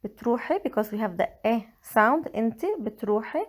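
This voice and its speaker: A woman with a Lebanese accent, slowly and carefully explaining grammar in a language lesson. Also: fairly high pitch, lively intonation. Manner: slow, careful explaining with Arabic examples. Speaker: Arabic teacher. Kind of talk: scripted language tutorial.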